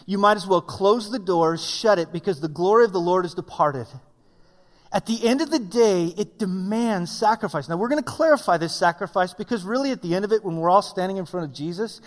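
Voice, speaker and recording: Brief: high-pitched male pastor, conversational animated sermon, echoing church hall. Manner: conversational preaching, animated storytelling. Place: church sanctuary. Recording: long hall reverb.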